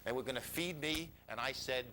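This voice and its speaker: An older man telling a personal story to an audience. He is animated and self-mocking, and he drops into whispers for quoted lines. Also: mid-range voice, a little fast, a loud crowd.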